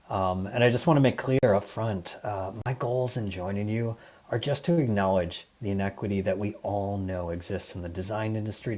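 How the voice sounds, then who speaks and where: A man with a Midwestern American accent gives a prepared talk, earnest and steady as he tells a story. His voice sits low and sounds mellow and dark. He speaks over a video call. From Michigan, USA. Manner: earnest, storytelling, with occasional fillers. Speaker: guest speaker.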